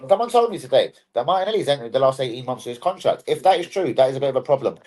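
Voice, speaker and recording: A man's voice: mid-range voice, lively intonation, rapid-fire, a little mellow. A young man hosting a football fan live stream, chatting in a sweary, jokey, rambling way. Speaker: football fan channel host. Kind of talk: casual live-stream chat.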